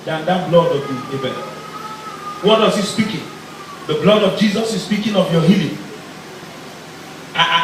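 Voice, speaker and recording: A male pastor preaching a fervent, repetitive sermon, often shouting his lines. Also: high voice. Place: large church tent. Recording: very echoey, distant mic, crowd and noise.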